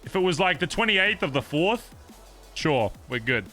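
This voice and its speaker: A man's voice: a little high, sing-song, normal speed, pushed and bright, faint music behind. A man streaming and chatting casually with his viewers, rambling with plenty of swearing and fillers.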